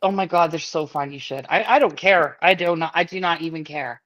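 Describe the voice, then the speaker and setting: A woman's voice: low-pitched, brisk, fairly bright tone, dull audio. A middle-aged woman hosting a podcast, chatting casually, blunt and swearing with frequent laughs. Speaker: podcast host. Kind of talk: casual chat.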